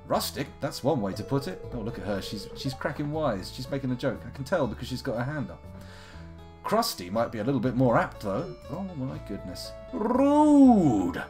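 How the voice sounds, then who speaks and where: A man from the United Kingdom streaming a farming game and talking through it in a casual, wry, self-mocking way, with plenty of fillers. His voice is medium-pitched and rises and falls a lot. A faint guitar tune plays in the background. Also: animated, a little fast. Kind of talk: casual gameplay commentary.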